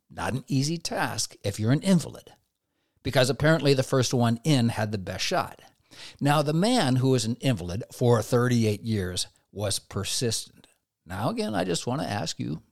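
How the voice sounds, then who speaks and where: A man preaching a devotional sermon who puts direct questions to the listener and swings between loud emphasis and soft, low asides. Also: creaky, no echo, clean studio sound.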